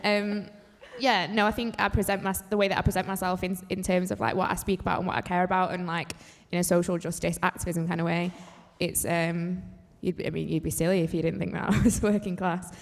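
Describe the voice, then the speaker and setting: A woman's voice: on the low side, flat delivery, brisk, few pauses, a little hiss or hum. A woman from Manchester with a light Mancunian accent, a panel guest talking candidly in a casual discussion and swearing freely. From Manchester, England. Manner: candid, swearing, laughing asides. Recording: roomy hall reverb.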